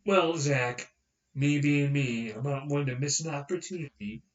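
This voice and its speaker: A fairly high-voiced young man tells a long, rambling story on a podcast and acts out the other people's lines. His voice sounds roomy and a bit far from the mic. The recording is dull. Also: normal speed. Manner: rambling, animated, acts out quotes. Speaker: podcast host. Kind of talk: casual storytelling chat.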